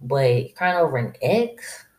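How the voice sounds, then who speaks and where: A woman's voice: a bass voice, very animated, slow, a little mellow. A woman hosting a casual solo podcast, giving blunt, straight-talking advice to women in a drawling, slangy way and laughing to herself. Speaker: podcast host.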